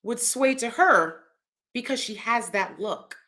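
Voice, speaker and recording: A woman hosting her own channel, talking in a casual, animated way, often checking in with "right?" and jumping into high mocking voices. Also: slow. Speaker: commentary channel host. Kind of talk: casual opinion commentary.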